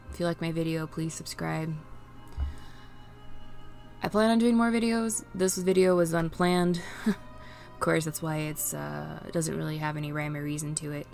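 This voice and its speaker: A woman vlogging unscripted while grieving, near tears, pleading and halting with restarts. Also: low voice, vocal fry, darkish tone. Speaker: streamer and vlogger. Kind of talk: unscripted emotional vlog.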